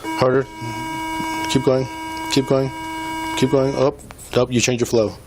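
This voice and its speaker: A man's voice: medium pitch, flat delivery, measured pace, over loud music. A male police officer at a roadside traffic stop, patiently repeating coaching commands, recorded on a body camera. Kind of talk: giving instructions at a traffic stop. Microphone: body-worn camera. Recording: noisy body cam audio.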